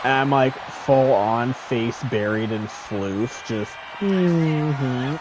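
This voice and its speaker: Slow-talking man streamer, noisy background. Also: mid-range voice. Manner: animated storytelling, frequent swearing. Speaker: game streamer. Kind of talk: casual chat while gaming.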